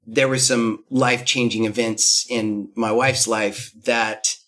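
A man's voice: medium pitch, steady tone, slow pace, a bit bright. A man in his thirties tells a candid story as a guest, rambling along. He fills his talk with fillers and false starts and slips into little acted-out quotes. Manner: rambling, many fillers and restarts, acts out quotes.

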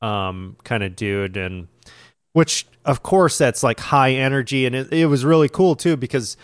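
A man's voice: medium pitch, unhurried, clear, resonant tone, dry recording, clean studio sound. A man co-hosting a podcast in a casual chat, rambling along with lots of fillers. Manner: rambling, relaxed, filler-heavy. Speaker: podcast co-host.

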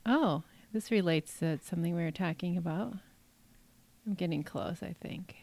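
A woman's voice: fairly low pitch, normal speed, dark tone, dry recording. A woman co-hosting a podcast, casually thinking aloud as she works through crossword clues. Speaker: podcast co-host. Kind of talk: casual chat while solving crosswords.

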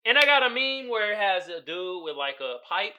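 A man's voice: sits high, very animated, normal speed, crowd noise. A man hosting a podcast, recapping a movie in a casual, profane, storytelling way with frequent laughter. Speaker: podcast host.

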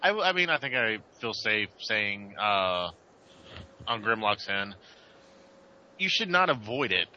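A man's voice: fairly low pitch, very animated, slow, long pauses, pushed and bright, highs cut off. A man hosting a podcast, wrapping up a segment and speaking directly to listeners. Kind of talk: casual chat.

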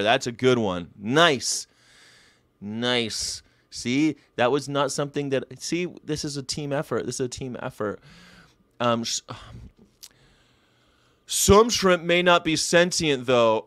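A man hosting a casual livestream commentary, animated and swearing, with sudden loud outbursts. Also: mid-range voice, clean tone, dry recording. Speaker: host.

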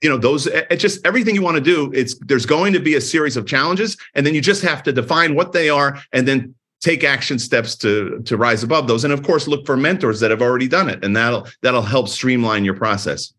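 A middle-aged man with a bright, forceful voice speaks as a guest on an interview show. He tells stories about building his clinics and slips into other voices for the dialogue inside them. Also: mid-range voice, a little fast, hardly any pauses. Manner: energetic storyteller, acts out quoted dialogue. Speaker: chiropractor with many clinics, podcast guest. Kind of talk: casual interview talk.

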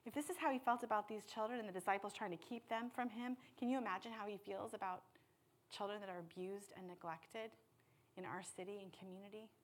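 A woman preaching a sermon with passion, dropping to hushed tones and then rising to loud appeals. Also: medium pitch, quick pace. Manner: impassioned, swings from hushed to loud.

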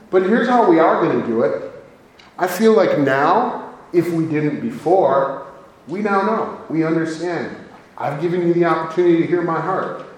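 A man preaching a sermon as pastor, earnest and conversational, turning to the congregation with asides and then leading a prayer. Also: on the high side. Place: church sanctuary. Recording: very echoey room.

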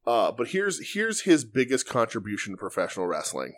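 A man co-hosting a podcast, telling stories in profane, animated casual chat. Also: medium pitch, fairly quick. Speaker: podcast co-host.

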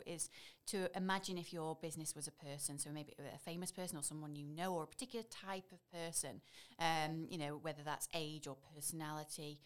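Woman, 30s, Staffordshire accent, quick pace, low-pitched, chatty interview guest, filler-heavy. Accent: Staffordshire (Stoke). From Stoke-on-Trent area, England. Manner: chatty, frequent "you know" fillers. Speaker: voiceover artist, guest. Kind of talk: casual conversational interview.

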